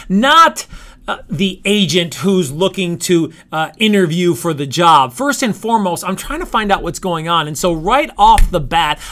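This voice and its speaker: A man coaching real estate agents on calling scripts, talking emphatically with deliberate pauses and reading script lines aloud. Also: high voice, bright, forceful tone. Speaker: sales coach. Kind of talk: coaching talk on cold-call scripts.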